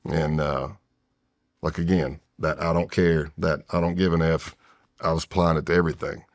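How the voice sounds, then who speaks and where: His voice is extremely low with little pitch movement, at normal speed. He's an American in his fifties, a retired federal agent guesting on a podcast, candidly rambling through a long personal story with frequent restarts in casual interview talk.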